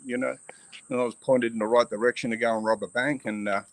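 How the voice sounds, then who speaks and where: A middle-aged Australian man from western Sydney giving frank, halting personal testimony as a guest on a video call. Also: medium pitch, fairly even intonation, no room sound, rough recording. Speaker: guest, abuse survivor advocate. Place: outdoor shed on a hill.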